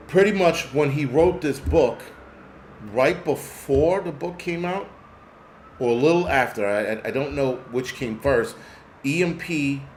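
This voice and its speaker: A man rants on his own show in a loose, swearing, meandering way, often losing the word he wants. His voice sits in an ordinary middle range. The room is echoey with a faint hum of ambience. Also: mid-range voice. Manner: profane, rambling, loses track of words. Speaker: prepper channel host. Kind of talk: casual ranting monologue.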